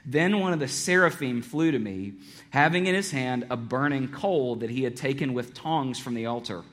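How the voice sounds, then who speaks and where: A man preaching a sermon to a congregation, joking one moment and hushed and earnest the next. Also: mid-range voice, normal speed. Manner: animated, joking, with big swings between loud and hushed. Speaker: pastor.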